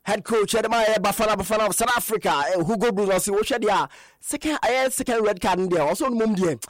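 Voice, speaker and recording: A man hosting a radio sports show, rambling excitedly through World Cup fixtures in a sing-song, mixed-language chat. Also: sits high, quick pace, no echo, studio quality. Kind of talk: casual sports talk mixing languages.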